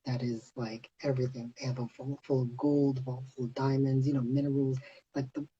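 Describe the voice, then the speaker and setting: A man hosting a casual livestream chat, telling a story in an animated way with lots of "like" and "you know". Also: medium pitch, fairly quick, muffled recording, a little hiss or hum. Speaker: host of livestream. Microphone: phone on a live video stream.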